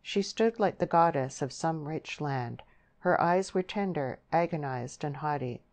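Low-voiced woman narrating an audiobook. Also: lively intonation, a little mellow. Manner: measured, literary reading. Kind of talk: scripted narration.

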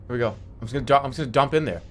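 A man streaming a video game, giving excitable live commentary that jumps into yelps and rapid repeats. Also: medium pitch, faint music behind.

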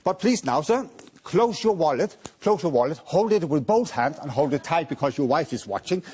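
A man's voice: on the high side, animated, normal speed, darkish tone, breathy edge. Playful man doing a pickpocket stage act. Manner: playful, teasing, coaxing audience volunteers. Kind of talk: live stage patter with volunteers.

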